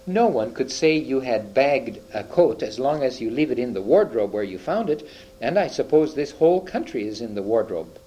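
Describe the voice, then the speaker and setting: A bluff, fair-minded eldest boy in a storybook, as a man reading aloud acts him out. He speaks with hearty schoolboy exclamations and a lively, swinging pitch, set a little higher than the reader's own voice. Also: normal speed, a little hiss or hum, natural voice, rough recording. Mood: excited.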